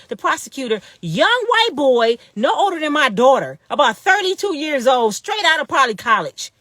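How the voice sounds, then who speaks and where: Impassioned woman in her fifties, bright and dry. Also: high-pitched, very animated, moderate pace, few pauses, no echo. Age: 50s. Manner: emphatic, repetitive, indignant. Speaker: vlogger telling her own story. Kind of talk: impassioned personal monologue.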